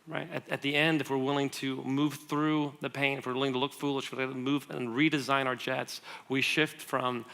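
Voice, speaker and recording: Bright-voiced man preaching conversationally. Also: mid-range voice, gravelly. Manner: animated storytelling with quick asides and laughs; conversational, asks the audience questions. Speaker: guest speaker. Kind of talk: sermon.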